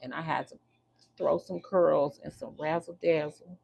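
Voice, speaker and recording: Gravelly-voiced woman chatting on a livestream. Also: deep voice, fairly even intonation, measured pace, a little mellow, a little hiss or hum. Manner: chatty, teasing, talks to viewers while doing hair. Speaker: livestream host. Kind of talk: casual livestream chat.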